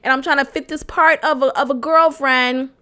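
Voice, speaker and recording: A young adult woman hosting a podcast, telling a frank personal story in a profane, animated way and laughing often. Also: high-pitched, normal speed. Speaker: podcast host. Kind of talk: candid storytelling monologue.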